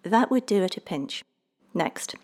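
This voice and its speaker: A woman's voice: fairly low pitch, animated, unhurried, darkish tone. A woman voicing a prim, demanding little male leprechaun in a storybook reading, with clipped, formal orders. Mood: imperious.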